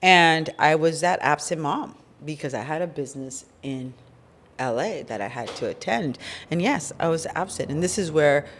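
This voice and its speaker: Casting: middle-aged woman, low voice, podcast co-host, chatty storyteller who acts out what people said. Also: normal speed. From California. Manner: animated, acts out quoted dialogue. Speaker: podcast co-host, business founder. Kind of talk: casual storytelling chat.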